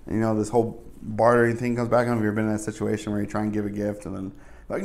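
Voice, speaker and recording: A man's voice: lowish voice, little pitch movement, racing, vocal fry, a little mellow. A male pastor giving a casual, conversational sermon, full of asides and fillers.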